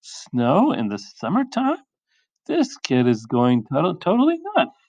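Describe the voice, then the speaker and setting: A man's voice: mid-range voice, lively intonation, slow pace, darkish tone, dry recording, muffled recording. A man voicing an exasperated mother who exclaims in a raised voice. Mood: disbelieving.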